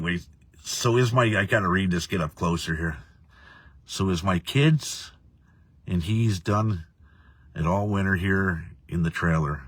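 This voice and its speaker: Deep husky-voiced man ranting. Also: fairly bright tone, dry recording. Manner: profane, rambling, laughs often. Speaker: livestream host reading viewer comments. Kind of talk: casual ranting live chat.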